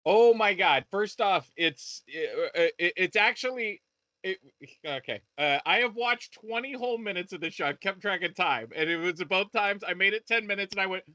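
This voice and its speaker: High, bright-voiced man ranting profanely. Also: normal speed, dry recording, lo-fi sound. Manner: profane, rambling ranting with many restarts. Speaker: podcast co-host reviewing shows. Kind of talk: casual chat.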